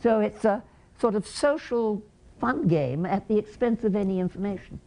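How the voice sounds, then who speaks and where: An Englishwoman presenting at a conference, her voice mellow and warm in tone. She keeps asking the audience questions and acts out little example lines as she teaches. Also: medium pitch, animated, moderate pace. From England. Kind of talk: conference lecture.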